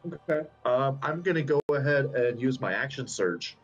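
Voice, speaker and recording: During a tabletop game, this player speaks slowly and haltingly, dropping plenty of ums in relaxed conversation. His mid-range voice has lively intonation and a breathy edge, with soft background music on a dull, lo-fi track.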